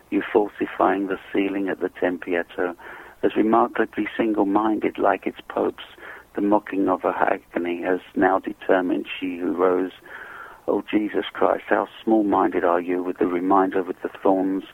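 A man from the United Kingdom calling in to read a poem and chat, soft-spoken and hesitant. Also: sits low, gravelly, husky, no room sound. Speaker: caller reading a poem. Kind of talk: poetry reading and chat. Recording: tinny phone line.

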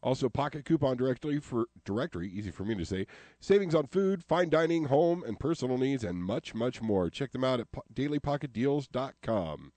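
A man's voice: medium pitch, animated, brisk, few pauses, warm tone, no room sound. Jokey radio host man, dry studio sound. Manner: jokey, upbeat, plain-spoken. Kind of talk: casual radio talk.

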